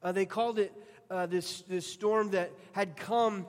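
A man's voice: high-pitched, steady tone, a little slow. A male pastor preaching a sermon, earnest and storytelling, often restarting his phrases. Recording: long hall reverb.

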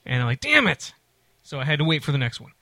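Bright-voiced man telling a rambling story. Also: medium pitch, rapid-fire, no echo. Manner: rambling, animated, many restarts and acted-out quotes. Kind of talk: casual storytelling chat.

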